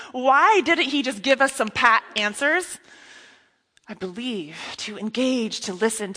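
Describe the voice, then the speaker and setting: A woman preaching a sermon in an earnest, intimate way, often dropping to a hush. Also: fairly high pitch. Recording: long reverb of a hall.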